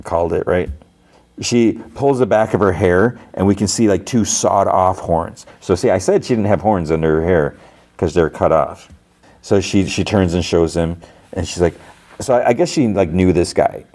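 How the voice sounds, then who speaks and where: A man's voice: deep voice, normal speed, darkish tone. A man hosting a podcast, casually recapping a TV episode in a rambling way with lots of "like" and fillers. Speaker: podcast host.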